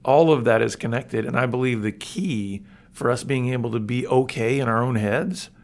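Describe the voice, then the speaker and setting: A man with a mid-pitched, gravelly voice joins a faith podcast conversation. He thinks aloud and works toward his points haltingly, with many restarts. His tone is conversational and sincere. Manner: reflective, halting, with frequent restarts and fillers. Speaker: co-host.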